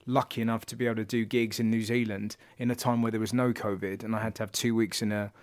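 A man's voice: on the low side, fast talker. A man, a comedian chatting casually and telling travel stories with lots of laughter and restarts. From England. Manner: animated storytelling, laughs often, many restarts. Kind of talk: casual chat.

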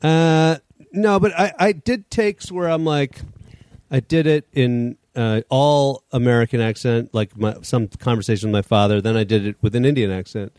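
A man's voice: mid-range voice, steady tone, moderate pace, darkish tone, no echo. Playful middle-aged man, dry close sound. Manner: playful, slips into mock voices and accents. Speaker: guest author. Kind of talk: casual podcast chat.

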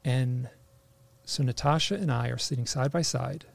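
A man telling a personal story in a casual, halting way, full of restarts, animating the voices he quotes. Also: mid-range voice, gravelly. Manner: animated, acts out quoted lines.

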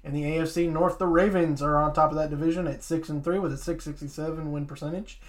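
A man co-hosting a casual sports talk show, reading through league standings with quick asides. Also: fairly high pitch. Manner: reads standings in a steady list, adds quick asides. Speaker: sports podcast co-host.

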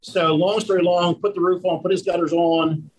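A man, a roofing contractor, telling lively stories in a casual conversation and acting out the people in them. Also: high-pitched, moderate pace, a little hiss or hum, low-quality recording. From Pennsylvania. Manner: animated storyteller who acts out the people in his story.

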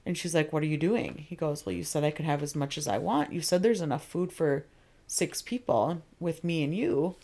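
A woman's voice: sits low, expressive, warm tone. Chatty young woman recapping a show. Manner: retells scenes in quick quoted asides, laughs often. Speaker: podcast co-host. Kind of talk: casual chat recapping a TV episode.

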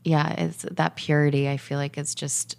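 A woman in a heartfelt casual conversation, speaking in a searching way with many pauses and fillers. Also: low voice, level tone, gravelly.

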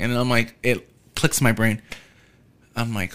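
A man's voice: mid-range voice, brisk, a bit bright, clean tone. Casual, profane young man podcasting. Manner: loose, profane storytelling with many ums and asides. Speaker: podcast host. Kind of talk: casual solo podcast monologue.

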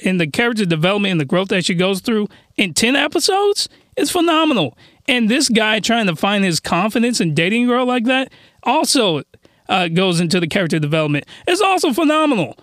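A young man rambles excitedly about an anime, his voice high and bright. The sound is dry and close, with no room around it. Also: no room sound. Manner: enthusiastic, laughing, lots of restarts. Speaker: anime reviewer. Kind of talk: casual review chat.

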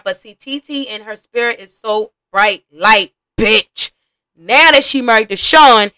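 A young adult woman hosts a podcast, reacting to a reality show with animated, casual, profane commentary and addressing her viewers directly as "y'all." Her voice is on the high side, clear and resonant, with no room sound.

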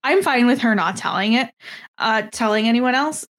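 A woman's voice: a little high, animated, normal speed, fairly bright tone. A woman co-hosting a podcast in casual chat, hesitant and full of fillers. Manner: hesitant, many fillers and restarts. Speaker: podcast co-host.

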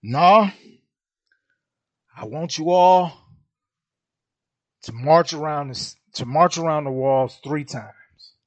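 A man's voice: on the high side, slow, long pauses, dry recording, dull audio. A man voicing the biblical God as a stern male ruler giving matter-of-fact orders in a comedic retelling. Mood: commanding. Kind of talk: comedic retelling in a podcast monologue.

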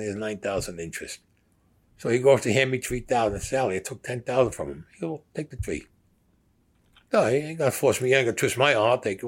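A man recounting stories in a blunt, profane way, acting out the dialogue as he goes. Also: lowish voice. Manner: blunt, profane storyteller who acts out dialogue. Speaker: former gangster telling his story.

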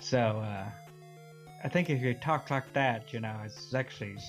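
A man's voice: mid-range voice, measured pace, faint music behind. A man co-hosting a podcast in casual chat, rambling and going off on tangents. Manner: rambling, goes off on tangents, chuckles often. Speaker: podcast co-host.

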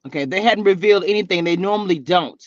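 A woman's voice: lowish voice, fast talker, dry recording. A woman hosting her own live stream as a reality TV blogger, chatting casually with viewers in a sassy, teasing, slangy way and laughing a lot. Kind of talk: casual live-stream chat reading comments. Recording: dull, lo-fi and dry.

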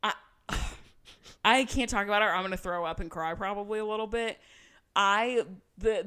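A woman's voice: mid-range voice, fairly bright tone. A woman co-hosting a casual chat podcast. She tells scenes in a chatty, dramatic way and slips into quoted voices as she goes. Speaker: podcast co-host.

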